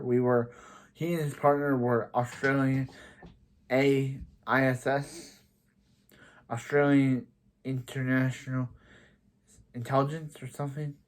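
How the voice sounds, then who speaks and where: A man's voice: medium pitch, little pitch movement, moderate pace. A man giving a casual recap of a TV episode, rambling, with many restarts and repeated "so". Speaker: TV episode reviewer.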